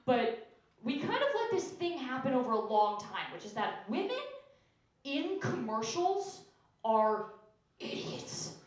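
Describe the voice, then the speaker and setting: A woman's voice: sits high, sing-song, normal speed. A woman comedian performing a sarcastic stand-up set, acting out characters in exaggerated voices, with audience laughter behind her. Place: comedy club stage with live audience. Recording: echoey club room from far off.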